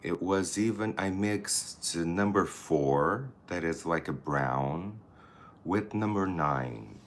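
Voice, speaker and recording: Low, slow-talking man chatting casually. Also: lively intonation, a little hiss or hum. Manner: chatty, campy, talks to the camera and people nearby. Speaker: vlogger. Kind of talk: casual get-ready-with-me chat.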